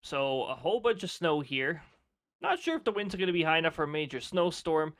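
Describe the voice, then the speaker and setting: A man's voice: on the high side, very animated, a little fast, a bit bright. A man chatting casually on a live stream, laughing often and reading off weather details.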